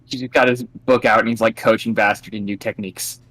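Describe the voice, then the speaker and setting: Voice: mid-range voice, fairly even intonation, fairly quick, a bit bright, slightly rough. A player in a tabletop game talking casually about their character's actions. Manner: casual, chatty, swears.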